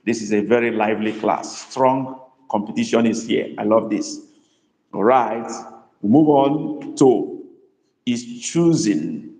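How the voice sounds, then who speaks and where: A male language tutor leads a live online class. He talks at an unhurried pace, repeating each phrase patiently for his students. His voice rings in an echoey room with a long reverb tail. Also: lowish voice, a little mellow.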